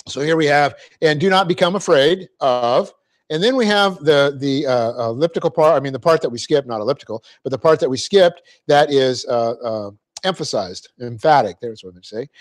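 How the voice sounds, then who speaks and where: A middle-aged man leads a Bible class in a church classroom, his voice sitting a little high for a man. He talks through grammar step by step, keeps checking that his listeners follow, and chuckles easily at his own mistakes. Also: expressive. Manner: explanatory, often checking in with "okay?"; light-hearted, quick to laugh at himself. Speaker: Bible teacher. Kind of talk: classroom lecture on Greek grammar.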